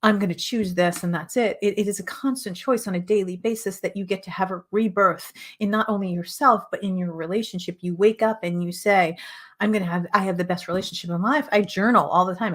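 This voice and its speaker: A middle-aged woman hosting a show and teaching about relationships in an earnest, repetitive way, her voice a little hoarse as she is losing it. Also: mid-range voice, fairly even intonation, brisk, a bit bright. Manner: earnest, repetitive, with frequent "right?" asides. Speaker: host and relationship coach. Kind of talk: motivational teaching monologue.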